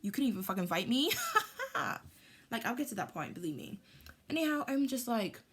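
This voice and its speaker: Woman, storytime vlogger, animated, indignant retelling. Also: fairly high pitch, a little fast, slightly rough. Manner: animated, heated retelling with lots of "like". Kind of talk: storytime vlog.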